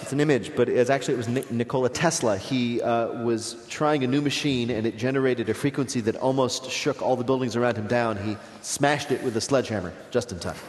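Teasing male quiz host in a hall. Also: medium pitch. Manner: playful, teasing, quick to laugh. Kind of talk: joking radio quiz banter. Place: stage before a live audience. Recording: live audience in a reverberant hall.

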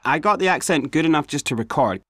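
A middle-aged man with a Scottish accent telling a story in a lively way, sometimes slipping into put-on voices. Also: fairly high pitch, fast talker. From Scotland. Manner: animated, breaks into put-on voices and laughs. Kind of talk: casual storytelling. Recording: music playing behind the voice.

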